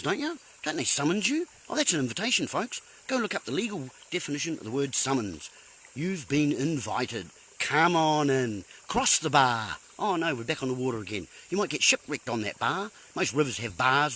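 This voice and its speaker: A man's voice: a little high, sing-song, fairly quick, pushed and bright, slightly rough, poor audio. A man hosting a live stream, talking in a rambling monologue full of playful puns, rhetorical questions and sudden exclamations.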